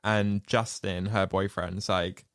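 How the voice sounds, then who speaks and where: A man co-hosting a podcast in a casual, animated chat, laughing often. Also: deep voice, slow pace, no echo, studio quality. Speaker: podcast co-host.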